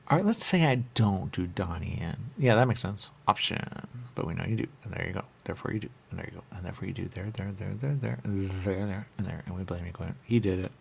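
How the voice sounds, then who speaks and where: A man's voice: low-pitched, animated, fast, gravelly, breathy edge. A man hosting a radio talk show, bantering in a rambling, playful way full of repeated wordplay. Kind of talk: loose comedic studio banter. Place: radio studio.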